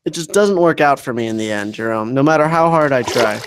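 Young man, casual gaming chat, whiny, playfully dramatic, mid pitch, lively, faint noise. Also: a little fast. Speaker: gaming co-player.

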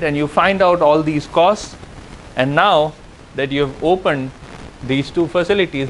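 A man giving a university lecture, explaining step by step with frequent "uh" and "okay" pauses. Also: mid-range voice, a little hiss or hum, low-quality recording. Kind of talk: classroom lecture on game theory.

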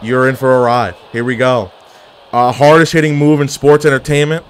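Excitable man trash-talking over his game. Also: medium pitch, moderate pace, smooth. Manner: excitable, jokey trash talk with swearing and wrestling slang. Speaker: gaming video creator. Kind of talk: live commentary over his own online game.

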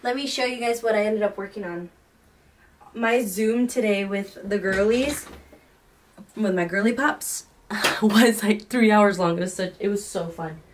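A woman in her twenties chatting casually in a crochet vlog from her home office, gushing and excitable. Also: medium pitch, unhurried, far from the mic, background noise. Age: 20s. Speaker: crochet vlogger.

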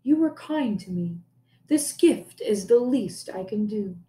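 A man's voice: high voice, lively intonation, takes it slowly, mellow, roomy sound. A woman reading aloud as an aloof rich male landowner in a folk tale, speaking in a curt, brief way.

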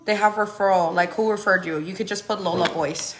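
A vlogger and mother in her thirties chats casually to camera in her family home, laughing often and switching into Spanish with her kids. Her medium-pitched voice is steady and fairly quick, with a little hiss or hum in the audio.

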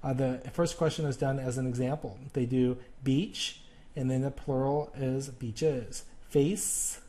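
A male teacher talks through a recorded grammar lesson in a warm, mellow voice. He speaks haltingly, restarting sentences and filling pauses with "um" and "uh" as he explains. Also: mid-range voice, steady tone. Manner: halting, with many fillers and restarts.

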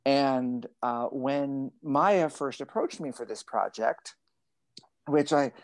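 Man, librettist type, digressive and wry on a video call; mid pitch, dry. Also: slow pace, no room sound. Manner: thoughtful, digressive, wry and self-deprecating. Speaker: librettist and translator. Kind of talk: casual conversation over a video call.

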